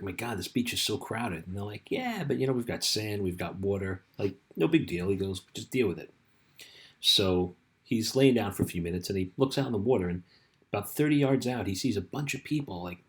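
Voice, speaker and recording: A middle-aged man, a life coach, telling a story and giving motivational advice in a casual, rambling way with frequent "right?" and "you know". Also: lowish voice.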